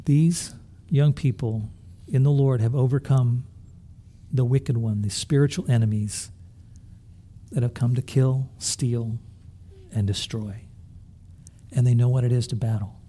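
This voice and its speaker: A man delivering a sermon as a pastor, his voice mellow and warm, at an even middle pitch. He speaks earnestly and puts rhetorical questions to the congregation. He often restarts and repeats words as he works through his thoughts. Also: unhurried, a little hiss or hum. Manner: restarts and repeats words while thinking aloud.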